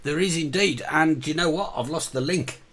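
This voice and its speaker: A man co-hosting a casual online chat show, talking in a halting way with many fillers and restarts. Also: fairly high pitch, a bit bright. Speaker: co-host.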